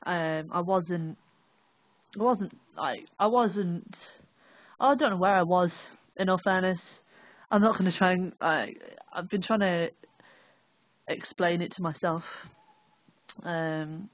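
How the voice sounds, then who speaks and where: A young woman with a Northern English accent, recalling an experience in a halting, rambling, sweary way. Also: fairly low pitch, dry recording. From England. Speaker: vlogger. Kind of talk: casual first-person recollection. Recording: dry, tinny phone-like audio.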